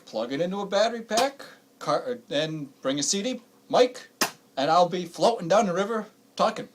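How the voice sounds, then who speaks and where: A man co-hosting a small radio show, chatting in a rambling way and clearing his throat now and then. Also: high voice, lively intonation, normal speed, noisy background. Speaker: radio co-host. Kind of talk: casual radio banter.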